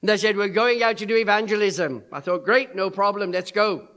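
Male preacher, middle-aged, bright tense tone; animated storyteller. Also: high voice, a little fast. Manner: animated storyteller acting out quoted voices. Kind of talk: sermon storytelling.

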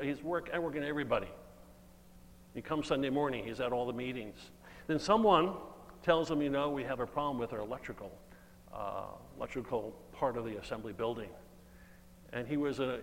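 A man preaching an earnest, emphatic sermon and reading scripture aloud. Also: medium pitch. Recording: long hall reverb, faint hum.

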